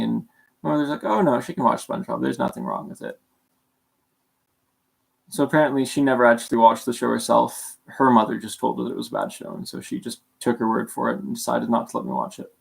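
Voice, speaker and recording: A gravelly mid-range voice belongs to a young Calgary streamer chatting casually on his livestream. He rambles, jokes at his own expense, and sounds sleepy with a sore throat.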